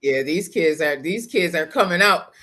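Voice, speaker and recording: A radio co-host in casual chat, quick to laugh and agree. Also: mid-range voice, expressive, bright, forceful tone.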